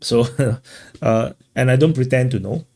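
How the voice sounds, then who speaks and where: A man hosting a casual commentary, talking in a halting way with many fillers and restarts. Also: mid-range voice, dark tone. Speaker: commentator host.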